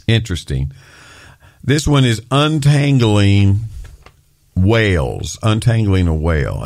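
Gravelly-voiced American podcast host ranting. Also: male voice, mid-range voice, no room sound, studio quality. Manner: animated, excitable ranting about rules. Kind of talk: solo podcast monologue with live viewers.

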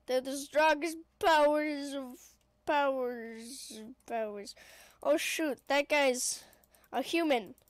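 A high-pitched woman narrating her gameplay in an unhurried, drawn-out way, breaking into shrieks and cracking voice as things go wrong. She sounds a little sniffly, and the recording is dry and close. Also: no echo. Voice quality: prone to voice cracks. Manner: excitable, shrieking and chattering at the game. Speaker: gaming video creator. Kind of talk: gameplay commentary.

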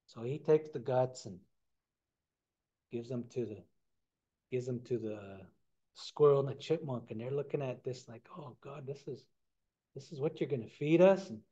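A man retelling a traditional story in a relaxed, conversational way during a talk, on a dull lo-fi recording. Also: medium pitch. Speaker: storyteller and science lecturer.

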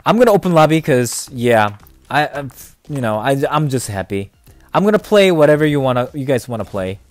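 A young man streaming a video game, chatting casually and excitably, often laughing and mumbling then cheering loudly. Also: mid-range voice, a little fast, soft background music. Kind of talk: casual live gameplay commentary.

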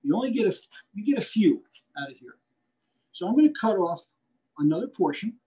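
A man's voice: high voice, very animated, brisk, dark tone, highs cut off. A man giving a live butchery demonstration, folksy and repetitive, punching key points and checking in with "okay?". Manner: folksy, repeats himself, asks "okay?" often. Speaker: butcher instructor.

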